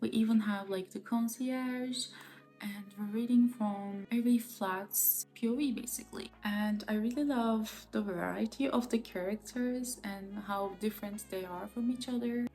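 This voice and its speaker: A woman's voice: mid-range voice, normal speed, dark tone. A woman chatting enthusiastically about a book in a casual vlog, full of fillers. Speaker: book vlogger. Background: faint music.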